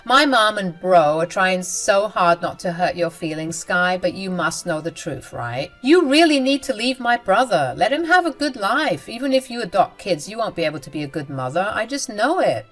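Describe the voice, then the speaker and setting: A woman's voice: mid-range voice, big pitch swings, moderate pace, hardly any pauses, faint music behind, poor audio. A woman voicing a cruel, smug young sister-in-law who talks down to everyone in a self-righteous way.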